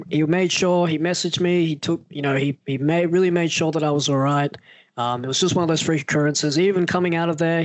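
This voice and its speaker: A man's voice: on the high side, no room sound. A man, a wrestler, telling a story in casual talk and acting out the voices he quotes. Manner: animated, acts out quoted voices.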